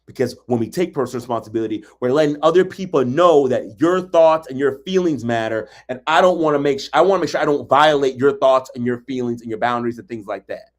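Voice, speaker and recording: A man's voice: mid-range voice, quick pace, few pauses. A man giving a motivational relationship talk, emphatic and colloquial, hammering points with repetition and acting out quotes. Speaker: relationship coach.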